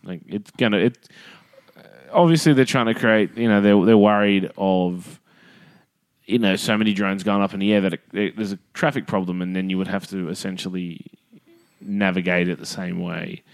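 A man's voice: low voice, fairly even intonation, normal speed. An Australian man co-hosting a casual podcast chat, rambling and joking with a lot of swearing. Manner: crude, joking, profanity-laced rambling.

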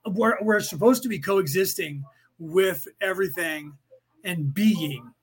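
A man's voice: high-pitched, a little slow, breathy edge. A man hosting a podcast, talking casually and emphatically, rambling and reading out listener comments. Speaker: podcast host.

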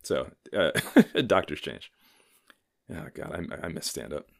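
Thirties male podcast host, low and lively, profane and rambling, self-deprecating humor. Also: measured pace, creaky. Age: 30s. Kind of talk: casual solo podcast monologue.

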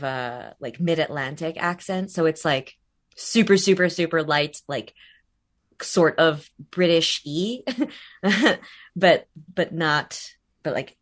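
A woman with a low-pitched voice talks about her work as an interview guest. She rambles, restarts her sentences and scatters fillers as she talks. She laughs easily along the way. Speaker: voice actor guest. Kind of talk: casual interview chat.

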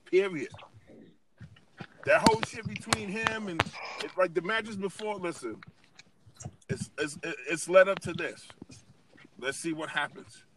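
A man co-hosting a casual wrestling podcast, ranting heatedly and swearing freely. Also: high-pitched. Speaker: podcast co-host. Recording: distant mic with noise.

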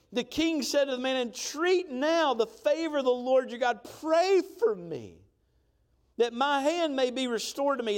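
A man preaching a sermon, telling a story with lively emphasis and often checking in with the crowd. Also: very high voice. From Georgia. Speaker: pastor.

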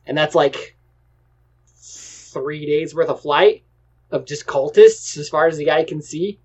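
A man's voice: fairly high pitch, takes it slowly, darkish tone, husky. A man running a tabletop game as game master, giving dry, teasing warnings to the players.

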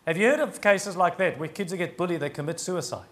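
High-voiced pastor preaching. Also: male voice, fairly bright tone. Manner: earnest and emphatic, slows down on key phrases. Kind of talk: sermon.

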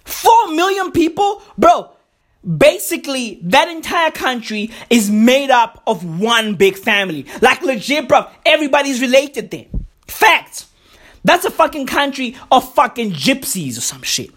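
A woman's voice: sits high, very animated, a little slow, fairly bright tone. A woman delivering a profane comic rant, emphatic and repetitive, swearing heavily and calling the listener "bro".

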